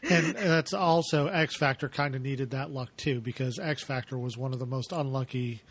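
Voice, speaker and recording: Dry-humored podcast co-host. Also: male voice, mid-range voice, moderate pace, fairly bright tone, breathy edge, no room sound. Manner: dry, joking. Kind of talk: casual chat.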